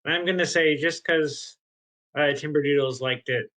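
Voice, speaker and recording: A man's voice: a little high, normal speed, fairly bright tone, poor audio. A man playing in a tabletop role-playing game, describing his character's actions and cracking jokes. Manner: describes actions in third person, jokey. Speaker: player.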